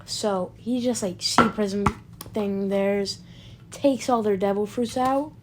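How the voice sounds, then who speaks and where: A woman's voice: mid-range voice, steady tone, slow, noisy background. A woman telling an improvised story in a rambling, casual way, full of fillers and restarts and free with swearing. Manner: swears freely. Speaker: fan storyteller.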